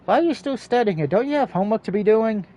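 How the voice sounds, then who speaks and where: A man reading as a gruff, demanding father. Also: sits high, expressive, quick pace, highs cut off, voice pushed up. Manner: curt, demanding.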